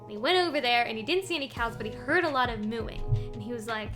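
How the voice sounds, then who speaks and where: A woman's voice: on the high side, expressive, quick pace, music in the background. A woman streamer chatting casually as she recaps a game series, rambling with lots of ums and small laughs. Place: home streaming setup.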